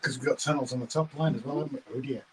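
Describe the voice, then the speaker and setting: A man's voice: medium pitch, fairly even intonation, very fast, husky, rough recording. A man co-hosting a casual livestream, talking in a laid-back way with dry humour. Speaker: livestream co-host.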